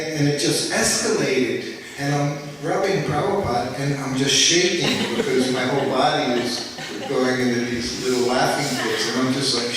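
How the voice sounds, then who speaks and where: A man's voice: medium pitch, fairly bright tone, a little hiss or hum. A man casually telling a long anecdote to an audience, rambling with lots of "you know" and laughing along as he goes. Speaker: storyteller recounting memories at a festival. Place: large indoor festival hall. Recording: roomy hall, voice from far off.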